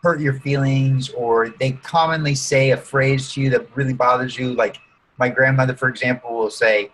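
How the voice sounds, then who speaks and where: A man working as a coach, calmly guiding listeners through a visualization exercise in an interview and often checking in with "okay?" and "right?". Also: medium pitch, normal speed, slight background noise, poor audio. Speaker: guest coach using neurolinguistic programming. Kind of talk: guided visualization during an interview.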